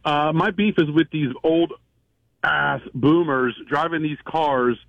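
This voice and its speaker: A man's voice: fairly high pitch, slow pace, gravelly, no room sound. A man calling a radio show with a blunt, slangy rant. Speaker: caller. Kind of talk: phone-in call. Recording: tinny phone line with faint hiss.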